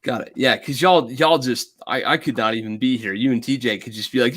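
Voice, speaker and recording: A man's voice: mid-range voice, fairly quick, a bit bright. A man co-hosting a podcast, asking questions in a joking, self-deprecating way. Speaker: podcast co-host. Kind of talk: casual chat.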